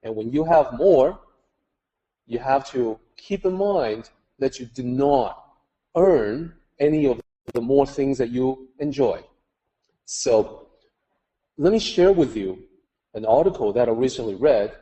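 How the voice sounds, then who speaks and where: Mellow-voiced man teaching a group. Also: mid-range voice, expressive, takes it slowly, dull audio. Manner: conversational, many "you know" asides; acts out quoted voices in story. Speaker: Daoist teacher. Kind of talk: storytelling talk to a group.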